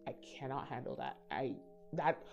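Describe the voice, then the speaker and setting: Animated woman telling a story. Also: a bass voice, normal speed. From Caribbean. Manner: animated, acts out voices in quotes. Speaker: storytime YouTuber. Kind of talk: casual storytelling to viewers. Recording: slightly dull recording with soft background music.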